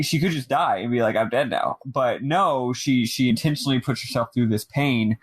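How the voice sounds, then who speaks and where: Laughing, animated male podcast co-host. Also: mid-range voice, no room sound. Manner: animated, laughs often, quick asides. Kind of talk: casual chat.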